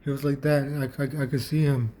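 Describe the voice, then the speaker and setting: A man vlogging, telling a personal story in a casual, halting way with frequent restarts and repeated words. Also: mid-range voice, flat delivery, dark tone.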